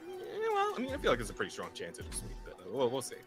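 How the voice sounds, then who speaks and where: A man co-hosting a casual streamed podcast, talking in an animated way, swearing, laughing often and repeating words as he stumbles. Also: mid-range voice, rapid-fire, over music. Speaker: podcast co-host.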